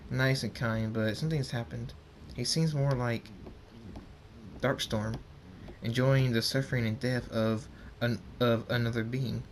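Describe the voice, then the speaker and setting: A man reading as a loyal male dragon who speaks bluntly and casually. The voice stays mid-pitched and plain, with small stumbles. A faint hiss sits under it. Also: fairly even intonation, a little slow, lightly acted.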